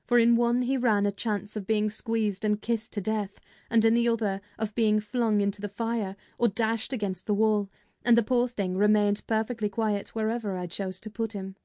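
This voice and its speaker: Woman audiobook narrator, warm mellow tone, dry close studio sound, measured delivery. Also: mid-range voice, flat delivery, no room sound. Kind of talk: scripted narration.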